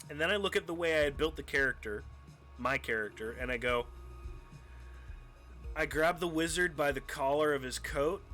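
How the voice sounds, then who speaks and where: A young man streaming live, casually telling a tabletop game story, animated and profane, acting out scenes as he goes. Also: fairly high pitch. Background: faint music.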